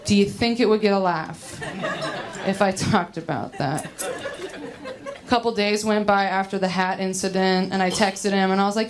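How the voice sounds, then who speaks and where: A young woman doing a stand-up set, chatty and self-mocking, rushing through her rants. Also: medium pitch. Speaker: stand-up comedian. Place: comedy stage. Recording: live stage audio with laughter. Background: audience laughter.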